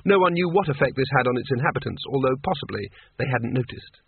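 Male audiobook narrator, husky, measured, thin phone-like sound. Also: mid-range voice, lively intonation, no room sound. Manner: measured storybook reading. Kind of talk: scripted narration. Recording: tinny narrow-band, dry.

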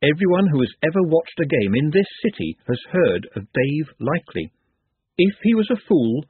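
A man's voice: fairly high pitch, husky, dry recording. A man narrating an audiobook expressively, with dry wit. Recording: tinny phone-like dry audio.

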